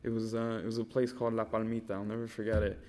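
A man's voice: on the low side, completely flat delivery, fast, darkish tone, a little hiss or hum. A man in his thirties sharing his life story at a recovery meeting, rambling with lots of fillers and swearing. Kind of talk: casual personal storytelling.

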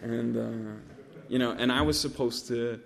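A man's voice: medium pitch, fairly even intonation, measured pace, vocal fry, slight background noise. A man in his thirties sharing his life story at a recovery meeting, rambling with lots of fillers and swearing. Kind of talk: casual personal storytelling.

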